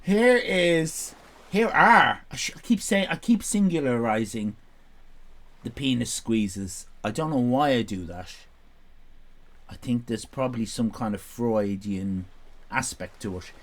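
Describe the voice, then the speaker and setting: A man's voice: medium pitch, lively intonation, unhurried, a bit bright. A man in casual live-stream chat, rambling, sweary and self-mocking.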